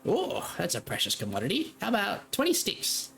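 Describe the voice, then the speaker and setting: Man putting on a falsetto-ish sly market woman for a tabletop game, sugary and bouncy. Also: wildly swooping pitch, moderate pace, creaky, pushed and bright, heavily acted. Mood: sweetly cheery. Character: cheery middle-aged woman trader, sly.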